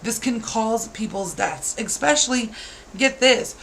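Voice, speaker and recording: A woman's voice: fairly high pitch, a little slow, background noise. A woman in her thirties, a parent, ranting to camera with exasperated, scolding rhetorical questions. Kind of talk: heated rant to camera.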